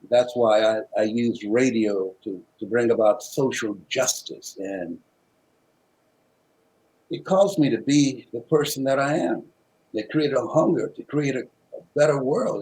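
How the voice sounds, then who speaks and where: A man's voice: medium pitch, a little slow, poor audio. Impassioned preacherly man telling a story. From Miami, Florida. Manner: preacherly, with rhythmic repetition and dramatic swings in loudness. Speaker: motivational speaker and guest.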